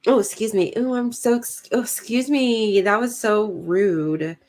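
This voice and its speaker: A woman's voice: fairly high pitch, measured pace, darkish tone. A woman, co-hosting a casual livestream, chatty and giggly as she reads comments aloud. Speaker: podcast co-host reading live chat.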